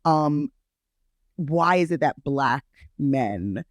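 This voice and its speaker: Podcast co-host, a woman with a Brooklyn accent, deep for a woman, dry close sound, frank and emphatic. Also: animated, extremely slow, no echo. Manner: emphatic, frank, restarts often. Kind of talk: casual chat.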